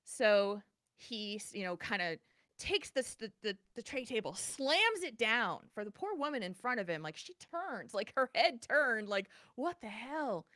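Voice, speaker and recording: A bright, clear woman co-hosting a podcast tells a casual story in a lively, chatty way, often restarting sentences as she relives the moment vividly. Her voice is on the high side, moderately paced, and sounds dry and close with no room sound or echo.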